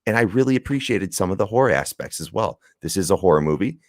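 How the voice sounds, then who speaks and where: A man's voice: deep voice, expressive, quick pace, dry recording, clean studio sound. A man co-hosting a podcast, chatting casually and rambling through a movie review, laughing and swearing as he goes. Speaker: podcast co-host.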